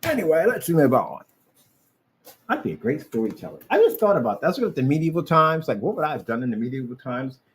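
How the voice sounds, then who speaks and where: Animated man on a rambling rant. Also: on the high side, fast talker, hardly any pauses, a little hiss or hum, low-quality recording. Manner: animated, boastful, repetitive. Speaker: vlogger. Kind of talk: rambling monologue.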